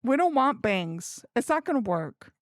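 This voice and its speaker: Giggly high-voiced woman streamer. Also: big pitch swings, measured pace, no echo, studio quality. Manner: giggly, chatty, talks to herself while working. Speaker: livestream streamer. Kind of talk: casual live-stream chat to viewers.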